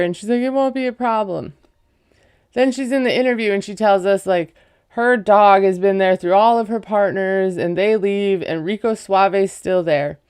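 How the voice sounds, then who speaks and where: A woman's voice: mid-range voice, a little mellow, clear, resonant tone. A woman casually recapping a reality show episode, rambling and peppering her talk with "like" and "you know.". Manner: rambling, filler-heavy, frequent "like". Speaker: recap vlogger; parent.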